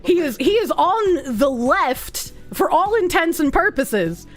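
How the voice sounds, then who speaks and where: A woman's voice: high-pitched, big pitch swings, takes it slowly, faint music behind. A woman streamer with a Boston accent, chatting bluntly and casually with her viewers, swearing often and breaking into laughs.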